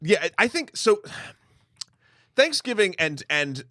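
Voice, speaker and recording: A young man co-hosting a movie podcast in casual chat, playful and quick to laugh. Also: sits high, no echo, clean studio sound. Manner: playful, laughs often, animated. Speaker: podcast co-host.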